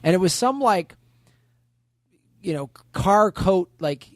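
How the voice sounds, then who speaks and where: A male comedian tells a story on a podcast, swearing and acting out other people's lines. His pitch moves a lot. The recording is dry and close. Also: slow pace, no echo. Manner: animated, acts out voices, swears.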